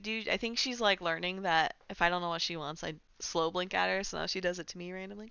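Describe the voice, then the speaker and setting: A woman's voice: fairly low pitch, fairly even intonation, brisk, creaky, few pauses, pushed and bright, smooth, no echo. A young woman streamer in casual chat, rambling with lots of fillers, on a dull lo-fi home mic. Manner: chatty, rambling, full of "like" fillers. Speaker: game streamer.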